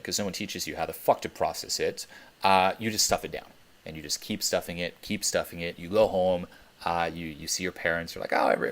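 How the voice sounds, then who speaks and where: On a teleconference, a young dating coach with a low, fairly bright voice coaches bluntly. He swears plenty and repeats himself for emphasis.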